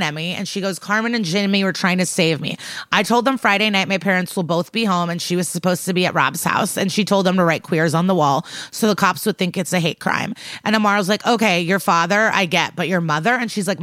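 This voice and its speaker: A woman's voice: fairly low pitch, fairly bright tone, no echo. A woman co-hosting a podcast, retelling a TV episode in casual chat and quoting the characters as she goes. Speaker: podcast co-host.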